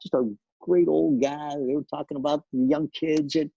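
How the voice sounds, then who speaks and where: An older man recounts studio anecdotes on a video call, his voice gravelly with a husky edge. He circles back and restarts his sentences as he tells the story. The audio is dull and lo-fi. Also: on the high side, fairly even intonation, normal speed, mellow, no echo. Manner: anecdotal, many restarts and repeated words. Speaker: television director, guest. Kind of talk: storytelling interview.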